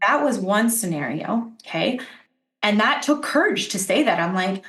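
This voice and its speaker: A woman's voice: medium pitch, normal speed, echoey room. A woman guest on a podcast, an intuitive healer telling stories in casual conversation and acting out what people said. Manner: animated storytelling, acts out quotes.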